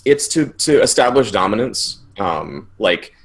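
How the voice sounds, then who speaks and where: A man with a fairly low voice playing a tabletop game. He eagerly lays out his character's moves in quick bursts. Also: expressive, breathy edge. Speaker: player. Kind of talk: casual tabletop play.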